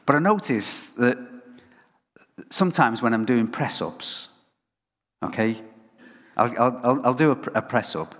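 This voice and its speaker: A man's voice: medium pitch, unhurried, long pauses. A man delivers a conversational sermon in a mid-range voice, telling stories with frequent stumbles and restarts. The sound rings with long reverb from a large hall. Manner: animated storytelling with frequent restarts. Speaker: preacher.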